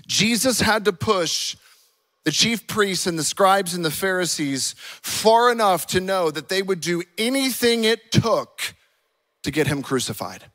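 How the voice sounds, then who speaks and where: A man preaching a sermon with a fairly high voice. He talks with passion and acts out the dialogue from the scripture, swinging from quiet, low moments to loud, charged peaks. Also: animated, measured pace. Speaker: pastor. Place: church auditorium.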